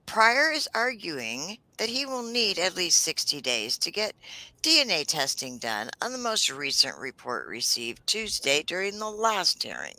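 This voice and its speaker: A woman co-host reads news updates aloud and throws in wry asides. Her voice is very low yet bright and lively in tone. The sound is dry and close. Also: a little slow, dry recording, rough recording. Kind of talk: casual livestream chat.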